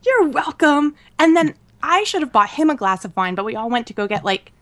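A woman co-hosting a podcast, telling a travel story in a casual, animated way with many fillers and laughs. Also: a little high, fast, dry recording. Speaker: podcast co-host. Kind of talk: casual chat.

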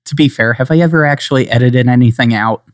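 A man's voice: medium pitch, fast talker, no echo. A man co-hosting a podcast, chatting casually in a mid-range voice. He rambles and jokes, now and then slipping into playful put-on accents. The sound is dry and close to the mic. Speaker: podcast co-host. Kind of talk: casual chat.

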